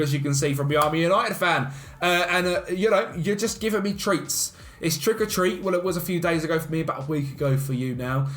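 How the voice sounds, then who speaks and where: A man commentating on his own football management game, animated and self-mocking, shouting at the referee. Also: fairly high pitch. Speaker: gaming YouTuber.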